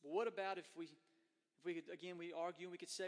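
A man's voice: high-pitched, steady tone, fast. A man preaching a conversational sermon as a pastor, slipping into voices for the people he quotes. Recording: long hall reverb.

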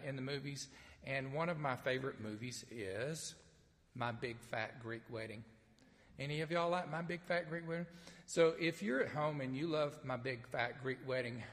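A man with a Southern accent, a pastor from Mississippi, preaching an Easter sermon in a folksy storytelling way with gentle humor. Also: medium pitch, long reverb tail. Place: sanctuary with only a few people present.

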